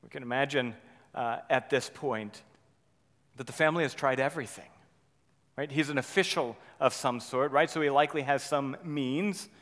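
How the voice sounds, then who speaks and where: A man preaching a sermon, swinging between loud urgent passages and quiet, intimate ones, often checking in with "right?". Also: mid-range voice, normal speed, big-room sound. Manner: dynamic preaching, rising loud then dropping soft, frequent "right?". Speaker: pastor.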